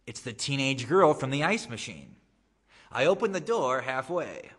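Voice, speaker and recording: An author reads his own essay aloud at a gallery, with wry, deadpan humor and lively swings in pitch. His voice is bright and a little higher than most men's. A long reverb trails each line. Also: normal speed, husky. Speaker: guest author giving a reading. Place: art gallery, live reading.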